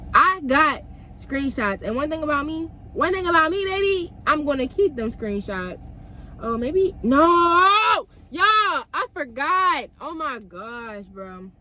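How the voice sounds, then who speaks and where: Young woman w a high voice, swearing a lot, telling her viewers a story, faint noise behind. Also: sharp tone. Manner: profane, emphatic, talks straight to viewers. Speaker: vlogger. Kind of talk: storytime vlog.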